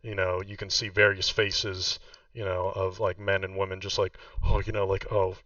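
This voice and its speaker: Low-voiced male game master, casual and rambling, on a distant muffled mic. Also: level tone, normal speed, pushed and bright, dry recording. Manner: casual, filler-heavy, laughing. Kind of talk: narrating a tabletop game.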